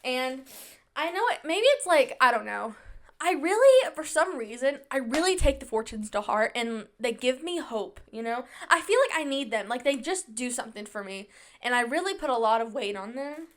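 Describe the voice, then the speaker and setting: A young woman hosting a podcast in casual chat, talking fast and bubbly with lots of "like", a little sniffly. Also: sits high, expressive, a bit bright. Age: young adult. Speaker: podcast host.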